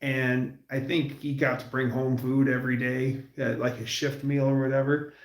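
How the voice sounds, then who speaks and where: A man's voice: mid-range voice, flat delivery, reverberant. A man hosting a livestream, chatting casually and rambling through stories. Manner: rambling, storytelling, puts on quick voices for quotes. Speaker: livestream host.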